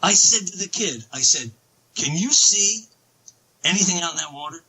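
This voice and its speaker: A man telling a long story as a podcast guest, excitable and rambling, with many restarts. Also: high voice, moderate pace, slightly rough, rough recording. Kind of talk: casual storytelling.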